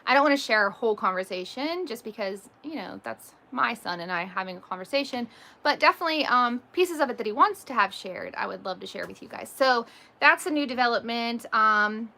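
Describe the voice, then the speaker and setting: A woman's voice: on the high side, expressive, brisk, gravelly, bright, forceful tone. A woman vlogger and mother chatting casually on a livestream, telling stories with frequent laughs and many ums.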